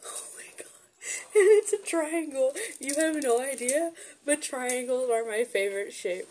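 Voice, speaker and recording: A young woman unboxing gifts in a vlog, gushing and excitable, gasping and giggling as she talks. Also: sits high, normal speed, slight background noise. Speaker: vlogger opening gifts.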